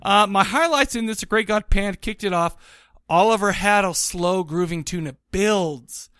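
Rambling high-voiced man in his thirties. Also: normal speed, smooth, no room sound, clean studio sound. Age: 30s. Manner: rambling, excitable, lots of restarts. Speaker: podcast co-host. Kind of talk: casual chat.

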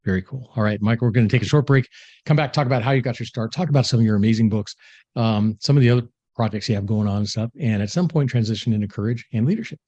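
A male podcast host asks his questions briskly, with quick short affirmations. His voice is husky and a little breathy, and it sounds dry and close to the mic. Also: medium pitch, darkish tone, dry recording, highs cut off. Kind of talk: interview questions.

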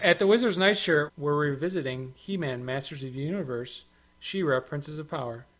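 A man's voice: fairly high pitch, a little fast, fairly bright tone, faint music behind. Playful man hosting a podcast. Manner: jokey, playful introductions. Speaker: podcast host. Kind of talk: casual chat.

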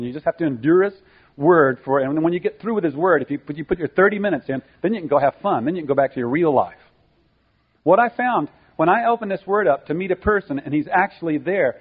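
Preacher, male, somewhat high voice, husky, emphatic and earnest, thin phone-like audio. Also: lively intonation, fast talker. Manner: earnest, emphatic teaching with repeated phrases. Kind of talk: sermon. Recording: tinny phone-like sound.

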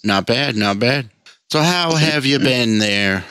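A man in his forties hosting a casual podcast chat, laid-back and quick to laugh. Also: medium pitch, lively intonation, sharp tone, clear, resonant tone, no room sound. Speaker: podcast host.

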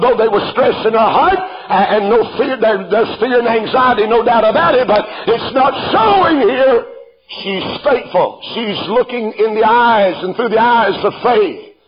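A man preaching a sermon. He reads scripture aloud, explains it, and calls out to the listener as "friend," swelling into fervent shouts. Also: high-pitched, husky, highs cut off.

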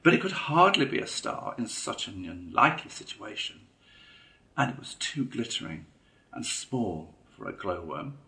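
A man reading a classic children's story aloud in a measured, expressive way. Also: lowish voice, creaky. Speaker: narrator.

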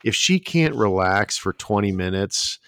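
A man's voice: fairly low pitch, animated, a little slow, a bit bright, dry recording. A man co-hosting a podcast, chatting casually with dry, sarcastic asides. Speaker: podcast co-host. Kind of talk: casual chat.

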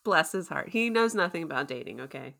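A woman co-hosting a casual podcast, chatty and quick to laugh as she recaps a story. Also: low voice, lively intonation, vocal fry, a bit bright. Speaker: podcast co-host recapping a TV episode. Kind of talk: casual chat.

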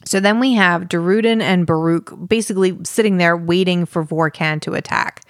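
Low-voiced chatty woman, dry sound. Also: normal speed, dry recording. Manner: chatty, laughs often, many fillers and restarts. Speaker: podcast co-host. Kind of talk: casual book discussion.

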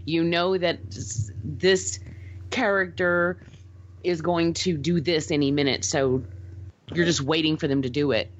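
A woman's voice: deep voice, steady tone, measured pace, lo-fi sound, a little hiss or hum. A woman co-hosting a casual podcast, gushing and emotional as she reviews a movie, laughing easily. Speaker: podcast co-host.

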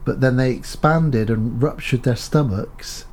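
A man's voice: medium pitch, a little slow, a little mellow, slight background noise. A man co-hosting a comedic podcast, joking and reeling off trivia with mock outrage. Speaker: podcast co-host. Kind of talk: casual comedic chat.

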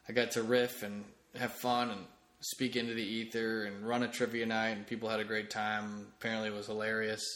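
A man's voice: fairly low pitch, fairly bright tone. A man hosting a solo comedy podcast late at night, rambling casually with restarts. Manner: rambling, with frequent restarts and fillers. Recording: echoey room.

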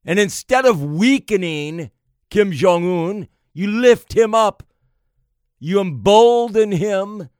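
A man delivering an emphatic political monologue, slow and deliberate, piling up phrase after phrase. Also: high voice, expressive, a little mellow, clear, resonant tone, dry recording, studio quality. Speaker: political commentator.

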